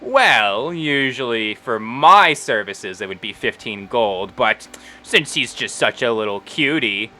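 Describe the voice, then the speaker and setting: A man's voice: medium pitch, expressive, takes it slowly, bright, forceful tone, a little hiss or hum, exaggerated voice. A man voicing a flirty, skinny halfling woman who runs a bathhouse, with a sing-song, fawning way of talking in tabletop role-play. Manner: sing-song, fawning, calls people cutie and darling.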